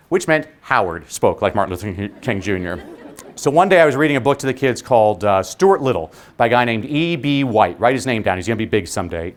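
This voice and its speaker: Animated, joking man giving a keynote. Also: mid-range voice, slight background noise. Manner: animated, humorous, punchy. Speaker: keynote speaker. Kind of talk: motivational conference keynote. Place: conference venue before a live audience.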